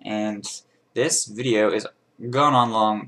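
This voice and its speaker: A man's voice: lowish voice, normal speed, fairly bright tone. A young man chatting casually to his camera in a bedroom, playful and self-mocking. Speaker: vlogger. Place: small bedroom being emptied.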